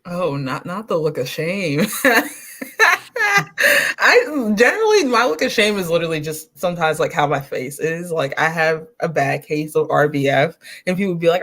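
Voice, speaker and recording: A woman's voice: deep voice, normal speed. A woman co-hosting a casual tennis chat, laughing often and acting out what she would say to players. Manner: giggly, animated, acts out quoted remarks.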